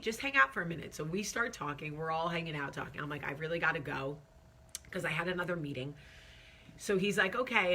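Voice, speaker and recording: A woman's voice: fairly low pitch, bright, forceful tone. A woman hosting her own talk show, telling a story casually, chatty and candid with lots of fillers, sounding stressed and nervous. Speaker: vlog host.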